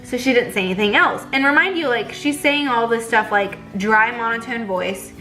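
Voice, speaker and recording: A woman's voice: on the high side, normal speed, bright, forceful tone, soft background music, poor audio. A young pregnant woman, chatting casually in a vlog and retelling a bad appointment with lots of fillers. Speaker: vlogger.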